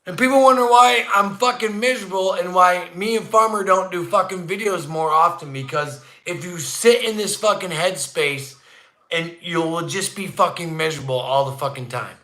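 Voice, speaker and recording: A man's voice: high-pitched, moderate pace. Profane ranting man on a livestream. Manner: profane, swings between grumbling and shouting. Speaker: livestream host. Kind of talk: ranting casual livestream chat. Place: indoor room at home, not the barn. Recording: echoey room.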